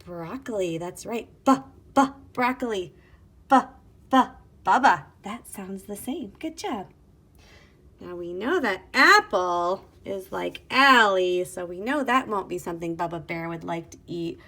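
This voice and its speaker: A woman teacher giving an online phonics lesson to young children in a slow, sing-song, encouraging way, recorded on her device's camera mic. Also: lowish voice, expressive, sharp tone.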